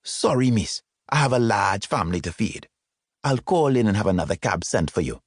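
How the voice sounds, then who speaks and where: A man's voice: on the low side, lively intonation, normal speed, husky, no room sound, clean studio sound. A man voicing a reluctant, apologetic male cab driver with a Jamaican accent in an audiobook. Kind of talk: audiobook character voice.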